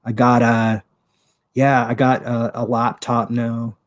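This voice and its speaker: A man's voice: mid-range voice, flat delivery, takes it slowly. A man hosting his own show on a livestream, talking casually in a rambling, profane way with lots of fillers, into a desktop microphone with a pop filter. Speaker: show host. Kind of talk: casual solo commentary.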